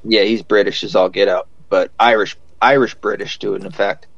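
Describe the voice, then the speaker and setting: A man's voice: lowish voice, fairly even intonation, normal speed, vocal fry, no echo, dull audio. A man hosting a podcast in casual chat, rambling with lots of fillers and swearing freely. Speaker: podcast host.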